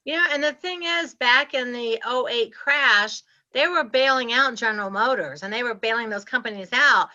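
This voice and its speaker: Bright-voiced woman in her sixties. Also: on the high side, normal speed, few pauses. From Ohio, US Midwest. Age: 60s. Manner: animated, laughs often, acts out her past self. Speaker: guest. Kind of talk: casual storytelling interview. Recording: slightly muffled lo-fi audio.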